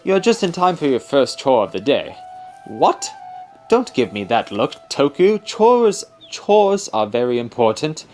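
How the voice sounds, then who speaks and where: A man's voice: mid-range voice, very animated, measured pace, darkish tone, faint music behind, voice pushed up. A man voicing a fussy, scolding old male guardian in a game, in a put-on British accent. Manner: scolding, stern. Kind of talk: reading game dialogue aloud.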